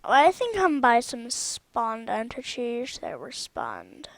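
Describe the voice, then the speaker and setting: A woman with a high voice talks slowly and loosely through gameplay commentary on a mod she built. She rambles and often stops mid-sentence to correct herself. The sound is dry and close, with no room echo. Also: huge pitch swings. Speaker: channel host showing her own game mod.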